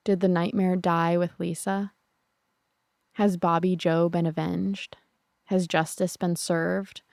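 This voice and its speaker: A woman narrating a true crime podcast in a somber, measured way. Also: fairly low pitch, level tone, gravelly, darkish tone, no echo, clean studio sound.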